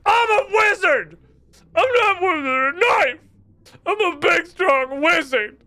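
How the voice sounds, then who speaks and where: A man voicing a pompous, ranting male dark wizard who rages in a loud, theatrical, drawn-out way. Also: fairly high pitch, lively intonation, clean tone, no echo, full character voice. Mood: furious.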